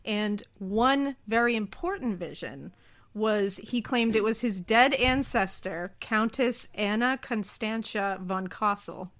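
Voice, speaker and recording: A woman's voice: mid-range voice, takes it slowly, fairly bright tone. A woman casually telling a story on a podcast, chatty and full of asides. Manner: chatty, lots of fillers and asides.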